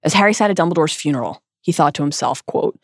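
A woman co-hosting a podcast, reading a scripted essay earnestly and dramatically, with slow, emphatic stresses. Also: sits low, lively intonation, no room sound, studio quality. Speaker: podcast co-host.

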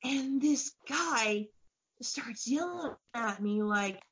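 Animated woman telling a story, lo-fi audio. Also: mid-range voice, moderate pace, gravelly, slightly rough. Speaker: podcast co-host. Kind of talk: casual chat. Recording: dull lo-fi audio.

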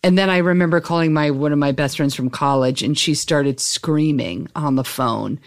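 A woman talking as a guest, telling a personal story in a chatty, animated way, with lots of "like" and "you know". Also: low-pitched, normal speed, few pauses. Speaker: podcast guest.

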